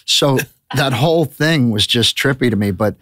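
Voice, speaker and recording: Man, fifties, candid storyteller, casual podcast chat, medium pitch, dry studio sound. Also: lively intonation, normal speed, fairly bright tone, no room sound. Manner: candid, rambling storyteller with restarts. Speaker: comedian guest.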